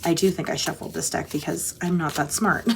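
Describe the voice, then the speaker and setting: A woman's voice: on the low side, fairly even intonation, brisk, noisy background. A woman hosting a casual tarot chat, gushing and rambling, often breaking off mid-thought. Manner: gushing, chatty, rambling with self-interruptions. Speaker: tarot channel host.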